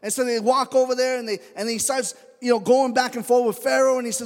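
A man's voice: very high-pitched, fairly even intonation, a little fast, few pauses, in a large hall. A male pastor preaching a conversational sermon, telling stories and acting out the voices of the people in them. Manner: conversational storytelling, acts out quoted voices. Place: church sanctuary.

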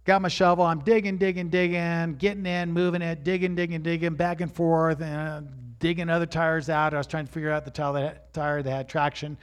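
Male preacher, high voice, lively storyteller who bursts into shouts. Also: fairly quick, few pauses, clear, resonant tone. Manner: animated storyteller, rising to shouts at high points.

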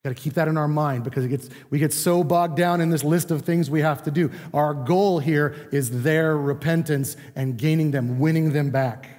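A man's voice: on the high side, fairly even intonation, normal speed, few pauses, darkish tone. A man preaching a sermon in a conversational teaching manner, acting out what people say. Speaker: pastor. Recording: long reverb of a large room.

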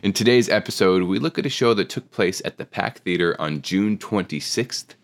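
A male podcast host with a gravelly, hoarse voice from being sick, chatting casually and playfully with friends. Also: lowish voice, lively intonation, normal speed. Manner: upbeat, playful.

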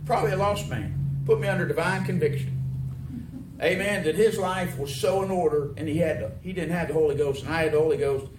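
A man's voice: fairly high pitch, fairly quick. A man preaching a sermon in a folksy way, often asking his congregation questions. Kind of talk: sermon with call and response. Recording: echoey room, mic from far off, noisy.

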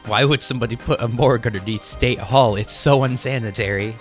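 A man playing in a tabletop game podcast, joking in a deadpan way and quick to argue. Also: medium pitch, faint music behind. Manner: deadpan, argumentative. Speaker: player. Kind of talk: casual podcast chat.

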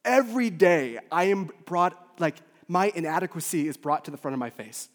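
A man, a lead pastor, preaching a sermon with emotional swings from loud urgency to soft near-whispers. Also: fairly high pitch, lively intonation, moderate pace, hardly any pauses. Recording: long hall reverb.

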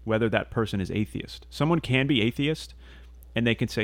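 A man's voice: mid-range voice, fairly quick, no echo. A man talking casually on a podcast, earnest and rambling, with many restarts and fillers. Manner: casual swearing. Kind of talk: casual conversational monologue.

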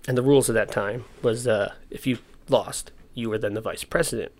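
A man's voice: mid-range voice, steady tone, normal speed. A young man casually explaining history, with slangy, joking asides. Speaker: history presenter.

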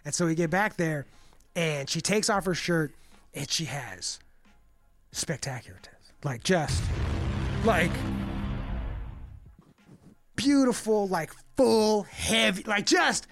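A man's voice: high voice, animated, slow, pauses often, fairly bright tone, soft background music. A man in his forties telling a rambling story on a casual podcast, full of fillers and swearing. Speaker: co-host.

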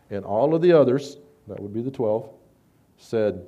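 A man preaching a sermon, conversational with stammered restarts, rising loud when he reads scripture. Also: mid-range voice, moderate pace, dull audio.

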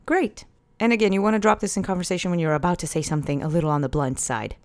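A woman hosting a podcast language lesson, saying words slowly and carefully for listeners to repeat, with cheerful praise after each drill. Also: lowish voice. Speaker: podcast host teaching Polish phrases.

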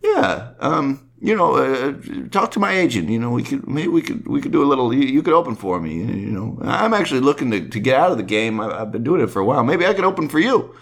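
A man impersonating a soft-spoken, polite male comedian in a halting, stammering voice. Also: big pitch swings, creaky, exaggerated voice. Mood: bashful. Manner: high, halting, stammering goofball voice.

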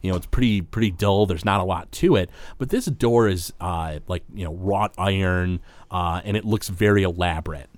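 A man's voice: low voice, normal speed, no room sound. A man narrating as the game master of a tabletop game, describing scenes loosely and full of fillers.

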